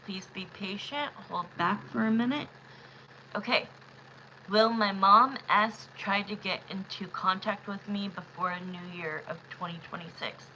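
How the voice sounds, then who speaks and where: A woman hosting a live tarot stream, chatting in an excitable way and speaking straight to her viewers. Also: medium pitch, a little slow, slight background noise, poor audio. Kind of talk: casual live-stream chat.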